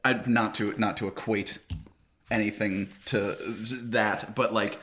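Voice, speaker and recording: A man's voice: lowish voice, measured pace. A young man co-hosting a podcast, chatting casually with frequent laughs and casual swearing. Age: young adult. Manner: laughs often, relaxed swearing banter. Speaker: podcast co-host. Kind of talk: casual chat.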